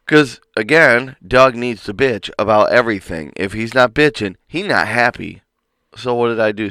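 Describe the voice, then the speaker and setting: Young man, podcast co-host, swearing storyteller. Low voice, very lively, bright tone, dry close mic. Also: no echo. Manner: profane, storytelling, mimics others. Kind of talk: casual podcast chat.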